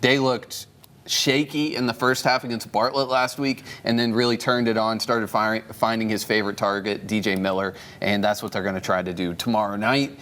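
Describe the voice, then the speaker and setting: A man co-hosting a studio sports show, playful and self-mocking as he chats about high school football. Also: fairly even intonation, normal speed, a bit bright. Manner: playful, self-mocking, laughs through flubbed reads. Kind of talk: casual studio sports chat.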